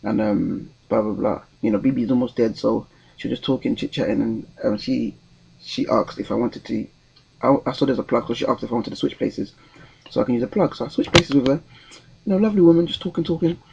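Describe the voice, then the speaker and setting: Gravelly young man rambling. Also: mid-range voice, brisk, a little mellow, lo-fi sound. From London, England. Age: 20s. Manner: rambling and hesitant, many ums and restarts. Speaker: vlogger. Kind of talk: casual storytelling vlog.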